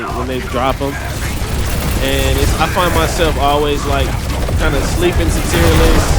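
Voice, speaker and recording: Gaming host, young man, unhurried and slightly high voice, casual and chatty. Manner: laid-back, chatty, laughs often, says "man" and "brother". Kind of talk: relaxed gameplay commentary. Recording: loud game music underneath.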